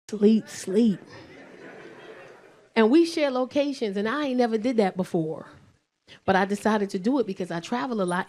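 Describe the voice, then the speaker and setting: A woman's voice: medium pitch, darkish tone. A middle-aged woman performing a stand-up comedy set on a club stage into a handheld mic, telling brash, profane stories and laughing often. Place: comedy club stage before a live audience.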